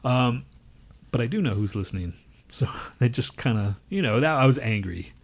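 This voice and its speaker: A man's voice: mid-range voice, animated, normal speed. A man co-hosting a casual podcast chat, ranting, swearing constantly and laughing often. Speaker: podcast co-host.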